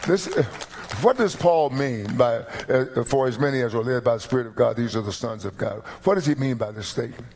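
A middle-aged man preaching a sermon as pastor, animated and emphatic, with rising peaks. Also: medium pitch, a little fast, slight background noise.

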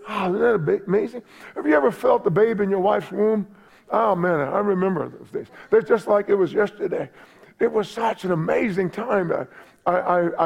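A middle-aged man preaching a sermon in a high, gravelly voice. He is an excitable pastor who climbs into loud, emphatic delivery and often repeats himself. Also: brisk.

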